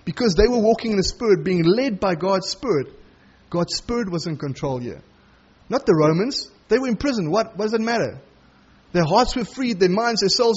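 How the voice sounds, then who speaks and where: Guy preaching verse by verse, kinda high husky voice, dull lo-fi recording. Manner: expository preaching, acts out quoted lines. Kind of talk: sermon.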